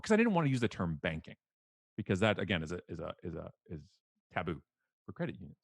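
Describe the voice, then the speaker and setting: A middle-aged man, a keynote speaker, telling stories on a podcast in an animated, self-mocking way with casual swearing. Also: low-pitched, fast, vocal fry, dry recording.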